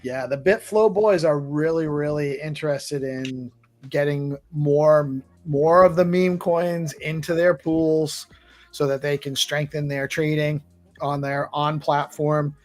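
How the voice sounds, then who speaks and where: Chatty guy hosting a live crypto chat, kinda high voice, all hyped up. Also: fairly even intonation, slow pace. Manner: upbeat, enthusiastic, laughs often. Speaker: host. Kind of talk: casual live audio chat.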